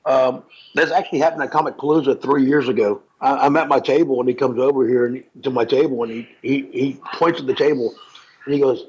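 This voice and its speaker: A man's voice: mid-range voice, brisk. A man co-hosting a podcast, rambling through funny stories with laughs and stammered restarts. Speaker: podcast co-host, comic artist. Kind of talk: casual storytelling chat. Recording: dull lo-fi sound with faint noise.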